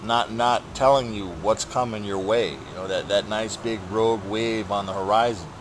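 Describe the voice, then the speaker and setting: A man's voice: fairly low pitch, noisy background. A man hosting a gaming channel, rambling through a personal update while he plays, swearing often and ranting with frustration.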